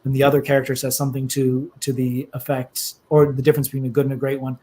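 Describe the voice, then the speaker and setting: Thoughtful man, halting and earnest. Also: medium pitch, completely flat delivery, mellow, poor audio. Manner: thoughtful, halting, emotional at times. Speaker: novelist, interview guest. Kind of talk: reflective interview talk.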